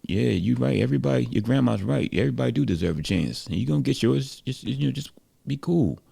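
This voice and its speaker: A man puts on a steady, encouraging grown man who calms a frustrated friend. He speaks a little higher than the narrator, soothing and reassuring. It is a storytelling podcast figure. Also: fast talker, vocal fry, breathy edge, full character voice. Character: calm, encouraging grown man, mentor type.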